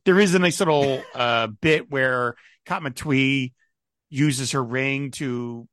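A man co-hosting a casual comics podcast, animated and laughing often, slipping into mock voices for asides. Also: mid-range voice, takes it slowly, dry recording, studio quality. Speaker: podcast co-host. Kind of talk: casual chat about comics.

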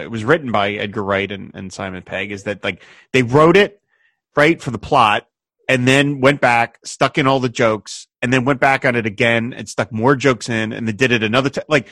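Guy hosting a movie commentary, bright voice, rambly and excited, dry sound. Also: mid-range voice, moderate pace, no room sound. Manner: enthusiastic, rambling, laughs often. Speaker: podcast host. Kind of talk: casual film commentary chat.

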